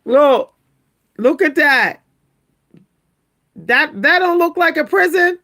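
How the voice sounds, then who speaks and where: A woman hosting a casual livestream, talking to her viewers, laughing often and exclaiming in a high squeal. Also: slow pace. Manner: animated, keeps exclaiming "what?" in a high squeal; laughs between remarks, talks to viewers as "y'all". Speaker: livestream host reacting to pictures.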